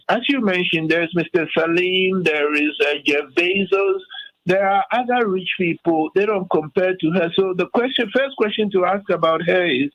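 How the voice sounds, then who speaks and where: A man's voice: sits high, fairly bright tone, dry recording, highs cut off. An older man from Africa, a guest on a talk radio show, speaking in a fired-up way with frequent restarts and "okay?" asides. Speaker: guest commentator.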